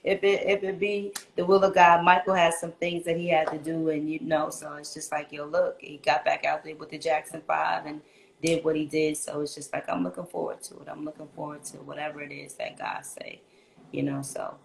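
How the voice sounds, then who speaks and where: A woman guest talking casually in an interview, animated and slangy, often repeating herself. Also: low-pitched, a little fast, creaky. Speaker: guest singer. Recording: echoey room with faint ambience.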